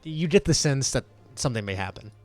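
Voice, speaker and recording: A man's voice: mid-range voice, expressive, brisk, soft background music. A man running a tabletop game as game master, narrating in a rambling way with many fillers.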